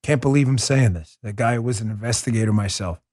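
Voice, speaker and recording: A middle-aged man hosting a political commentary show, swinging between quiet apology and loud indignation. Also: lowish voice, fast talker. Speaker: podcast host.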